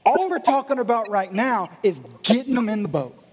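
A man preaching to his congregation in a lively, animated way, often acting out the voices of his listeners. His voice sits high and a little husky. The sound has a long reverb from a large gym used as a church hall. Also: normal speed. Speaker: pastor. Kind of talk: sermon. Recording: echoey hall.

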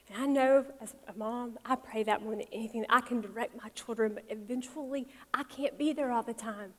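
A woman's voice: a little high, a little fast, hardly any pauses. Mother preaching in an echoing hall. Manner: conversational, animated, acts out quotes, soft for tender parts. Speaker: speaker at a women's or church talk. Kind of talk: sermon. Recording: long reverb of a large hall.

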